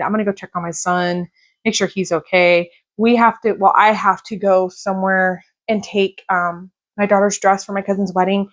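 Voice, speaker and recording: A woman in her thirties chatting casually in a reading vlog, gushing and rambling about books and her day. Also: mid-range voice. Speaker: book vlogger.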